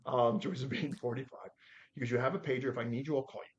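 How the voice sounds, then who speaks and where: A man in his forties telling stories as a podcast guest, acting out the quotes with lively shifts in voice. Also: mid-range voice, quick pace, dull audio. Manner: animated storyteller acting out his own quotes. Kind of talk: storytelling in a podcast interview.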